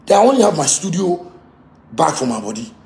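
A Ghanaian-accented man, a musician, in a heated rant that switches between pidgin and English and often breaks into shouting. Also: fairly high pitch, very animated, fairly quick, reverberant. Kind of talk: angry rant.

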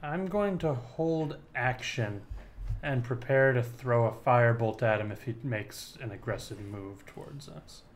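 A man playing a tabletop game as one of the players, reacting slowly and expressively. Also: mid-range voice, a little hiss or hum.

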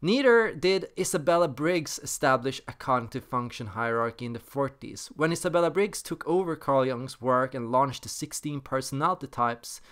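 A man hosting a talk on personality theory, explaining in a measured way with repeated emphatic phrases. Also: mid-range voice, sharp tone, clean tone. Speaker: personality theory channel host. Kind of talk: explanatory monologue.

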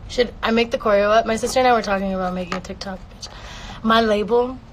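A woman's voice: mid-range voice, steady tone, normal speed, slight background noise, low-quality recording. A woman singer casually answering fan questions on a livestream from home, playful and swearing freely. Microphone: phone.

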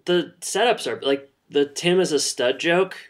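A man's voice: fairly high pitch, a little slow. A man co-hosting a casual podcast, rambling and joking, and bluntly critical of the episode. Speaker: podcast co-host.

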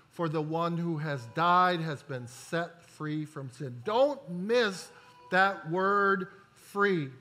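Slow, bright-voiced man preaching. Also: high voice. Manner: deliberate preaching with emphatic pauses and slowed key words; corrects himself mid-sentence. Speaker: pastor. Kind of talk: sermon.

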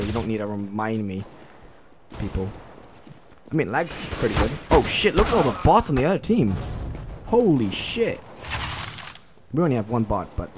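A man giving live gameplay commentary, reacting out loud and swearing a lot as he plays. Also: on the low side, noisy background. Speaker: gaming channel host. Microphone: desk mic on a stand. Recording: loud gunfire under the voice. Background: shooter game gunfire.

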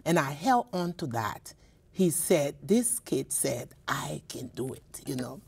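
A woman's voice: sits low, sing-song, takes it slowly, creaky, darkish tone, slightly rough. A woman from Liberia, a poet and professor, telling personal stories in a radio interview, with many repeats and restarts. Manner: emotional, repeats words, restarts often.

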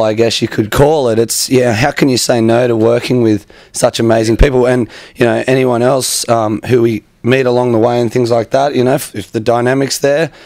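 A man's voice: mid-range voice, creaky, darkish tone, no echo. A man with an Australian accent, a band member, answering interview questions in an easygoing way. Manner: easygoing, agreeable.

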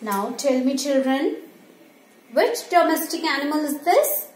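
A woman's voice: high voice, expressive, a little slow, darkish tone. A woman teacher going over animals with young children, asking questions, answering them herself and imitating animal sounds. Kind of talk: slow classroom revision for young children. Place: school classroom. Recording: echoey room with faint ambient noise.

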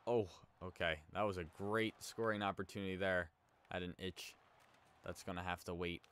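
A young man casually commentating on his own hockey video game as he plays, chatting and reacting loudly to plays. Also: low-pitched, flat delivery, normal speed, a little hiss or hum. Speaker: gaming YouTuber. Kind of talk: casual let's play commentary.

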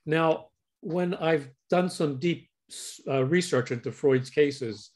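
A man hosting an interview with a fellow psychotherapist, speaking haltingly and searching for words over a video call. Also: fairly high pitch, a little mellow. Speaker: host and psychotherapist. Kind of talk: conversational interview.

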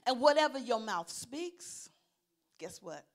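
A middle-aged woman pastor preaching a sermon, swinging from loud declarations to low, quiet asides and calling out for responses. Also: very animated, slow.

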